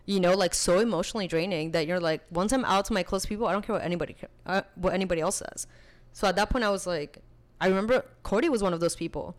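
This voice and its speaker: A young woman with a slightly low voice tells a personal story in a loose, chatty way. She fills her sentences with casual fillers and keeps the telling animated. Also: fast talker. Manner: chatty, animated, full of filler likes, laughs while telling. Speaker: podcast guest.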